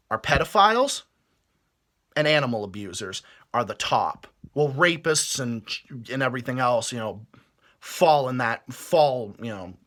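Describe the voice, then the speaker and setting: A man's voice: mid-range voice, bright, forceful tone. A man delivering a heated, profane rant to camera, stumbling over his words as he restarts sentences. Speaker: vlogger. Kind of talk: angry rant.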